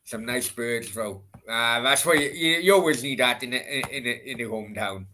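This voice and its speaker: A man's voice: medium pitch, normal speed, bright, forceful tone. A young man streaming a football watchalong, blunt and swearing at players while chatting with his viewers. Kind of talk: live match commentary and chat with viewers.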